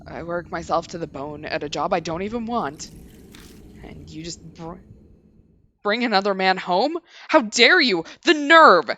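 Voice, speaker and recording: A woman's voice: low voice, fairly quick, few pauses, no echo, lo-fi sound. A woman voicing an exhausted, hot-tempered man who rants and swears, while reading game dialogue aloud. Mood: ranting. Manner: ranting, yelling, swearing.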